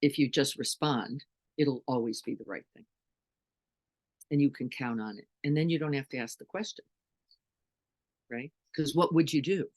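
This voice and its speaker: A woman's voice: extremely low pitch, normal speed, long pauses, a little mellow. A middle-aged woman meditation teacher giving an earnest dharma talk, full of rhetorical questions to her listeners.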